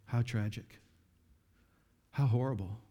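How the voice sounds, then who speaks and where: A man preaching a sermon, reading scripture aloud and commenting, with dramatic swings from hushed pleas to loud appeals. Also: mid-range voice, takes it slowly.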